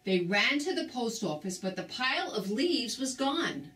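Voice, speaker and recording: An older woman reading a children's book aloud with slow, expressive storytelling. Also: a little high. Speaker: storybook reader. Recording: roomy, distant mic.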